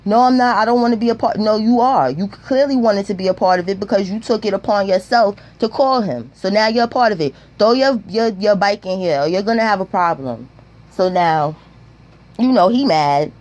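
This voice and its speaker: A woman's voice: mid-range voice, normal speed, darkish tone, highs cut off. Young female vlogger, blunt and profane, streetwise, mid-range voice. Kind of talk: storytime vlog.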